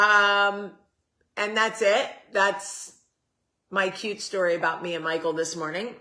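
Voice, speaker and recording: A woman hosts a relaxed livestream, talking to her viewers at an unhurried pace. Her voice is bright and forceful. She answers comments as they come in and lets the odd swear word slip. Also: mid-range voice. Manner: chatty, talks straight to viewers and reads their comments aloud; swears casually. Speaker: host. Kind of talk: casual livestream chat.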